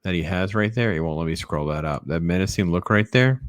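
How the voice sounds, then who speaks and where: A man's voice: sits low, fairly quick, no room sound, clean studio sound. A man chatting casually and enthusiastically about comic books, rambling with lots of fillers. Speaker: comic book collector. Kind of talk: casual video chat.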